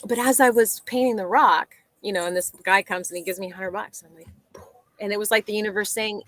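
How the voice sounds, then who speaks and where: A woman guest chatting casually, telling a story and acting out the dialogue in lively voices. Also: medium pitch, a little fast. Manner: animated, acts out quoted dialogue.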